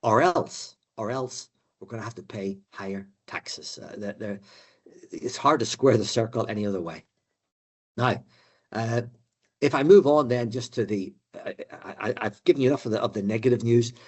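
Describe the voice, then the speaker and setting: A man's voice: lowish voice, moderate pace, breathy edge. An older man giving a conversational economics talk to a room of finance professionals, with frequent fillers and repeated words. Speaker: economic adviser lecturing finance directors. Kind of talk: live presentation to an audience.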